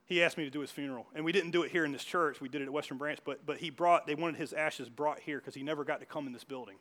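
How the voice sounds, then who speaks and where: A man's voice: a little high, racing, a bit bright. A man preaching a sermon as pastor, telling stories in a church with frequent restarts and asides. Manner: storytelling with many restarts and asides. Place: church hall.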